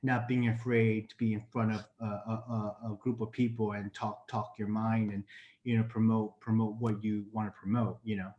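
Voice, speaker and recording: A man's voice: lowish voice, flat delivery, a little mellow, highs cut off. A young man, an actor, talking earnestly on a video call, often restarting his sentences. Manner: earnest, halting with many restarts. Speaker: actor guest. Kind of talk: casual video call interview. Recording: roomy echo on a video call.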